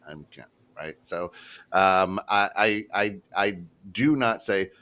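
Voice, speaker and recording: A man's voice: low voice, takes it slowly, pushed and bright. A man hosting a casual talk show, making his points emphatically and tagging them with "right?". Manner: emphatic, keeps asking "right?". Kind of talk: casual chat.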